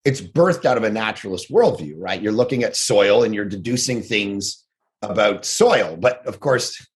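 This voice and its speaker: A man, a pastor and author, speaking as a guest on a podcast. He talks casually and tells stories animatedly, with quick asides and frequent restarts. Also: lowish voice, animated.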